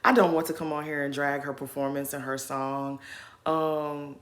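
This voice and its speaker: A woman's voice: deep voice, normal speed. A woman giving casual, shady commentary on a reality show, ranting with sass. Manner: sassy, shady, animated ranting.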